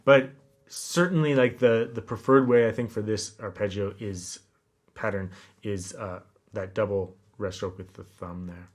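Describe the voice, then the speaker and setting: A man giving a classical guitar lesson, explaining technique in a relaxed way and counting beats aloud. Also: fairly low pitch, a little slow. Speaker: guitar teacher. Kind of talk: instructional lesson talk. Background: classical guitar playing.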